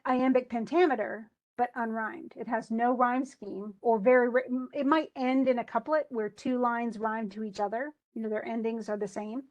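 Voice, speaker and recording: A woman's voice: fairly high pitch, a little mellow. A woman teacher giving a loose, chatty lecture on poetry, full of restarts and asides. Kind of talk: recorded class lecture.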